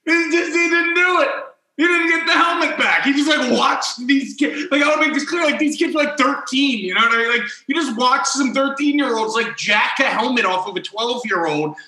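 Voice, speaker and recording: A man's voice: very high voice, fairly quick, pushed and bright, roomy sound, poor audio. A young man hosting a podcast, telling a story in a rambling way full of "like" and acted-out quotes. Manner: rambling, heavy on "like", acts out quoted people. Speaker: podcast host. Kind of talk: casual storytelling chat.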